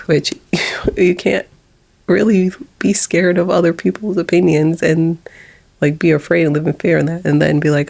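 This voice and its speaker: A woman's voice: fairly low pitch, level tone, moderate pace, vocal fry, darkish tone. A woman who runs a small video channel, talking candidly to her camera at home, rambling, swearing and sometimes dropping to a whisper. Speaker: small YouTube creator. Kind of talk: personal confessional vlog.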